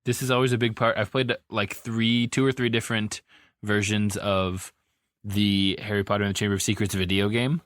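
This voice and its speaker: A man's voice: on the low side, little pitch movement, moderate pace, a bit bright, dry recording, studio quality. A man co-hosting a podcast, talking in a rambling, easygoing way with many fillers. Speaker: podcast co-host. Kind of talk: casual chat.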